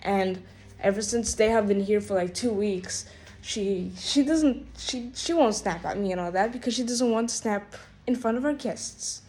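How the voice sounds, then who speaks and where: A woman's voice: mid-range voice, moderate pace, a little mellow. A woman telling a rambling, exasperated storytime rant, full of "like" and "bro" fillers. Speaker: vlogger.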